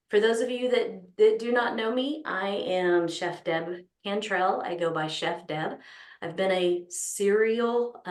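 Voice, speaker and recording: The host of an online business summit, a woman with a Texas accent, kicks things off with eager opening remarks peppered with ums and restarts. Her voice is lowish, and the sound is reverberant.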